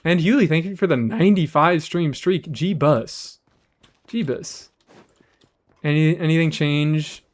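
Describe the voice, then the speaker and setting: A man's voice: a little high, slow pace. Brief: male streamer with a slightly raised voice, casual chat, curses a lot. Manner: animated, rambling, swears freely, reads chat aloud. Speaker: game streamer.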